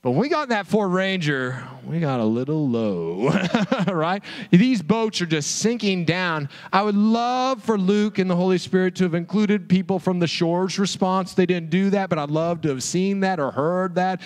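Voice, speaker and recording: A man with a high voice delivers a sermon as a pastor. He tells the story in an animated way and keeps asking his listeners rhetorical questions. His voice carries a long reverb, as from a large hall. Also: moderate pace.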